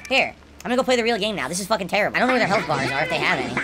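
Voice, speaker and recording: Deadpan man over loud game music. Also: high-pitched, racing. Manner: flat, deadpan, mild swearing. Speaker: gameplay streamer. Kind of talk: playing a game while commenting.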